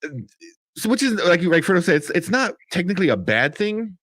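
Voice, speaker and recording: A man co-hosting a casual movie review show, animated and profane, laughing often. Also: high-pitched, fairly quick, no echo. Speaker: podcast co-host.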